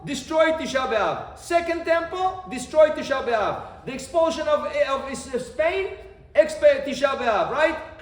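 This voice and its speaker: A man, a rabbi, giving an animated Torah lesson, repeating phrases and quizzing his listeners. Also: very high voice. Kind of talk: Torah lesson to a live group. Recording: echoey room, faint background noise.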